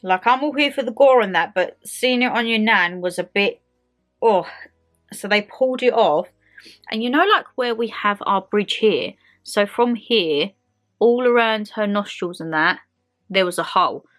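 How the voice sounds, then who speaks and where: A young woman with an Essex accent chatting to camera as a vlogger, telling a story in a lively way and acting out the people in it. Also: medium pitch, a little slow, faint music behind. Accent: Essex English. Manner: chatty, animated storytelling with acted quotes. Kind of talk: casual chat to camera. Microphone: handheld phone camera.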